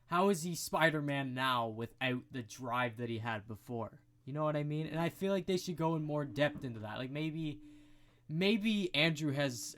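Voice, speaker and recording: Young dude cohost, average pitch, laid back, stumbles a bit when he talks. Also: a bit bright. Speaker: podcast co-host. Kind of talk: casual chat.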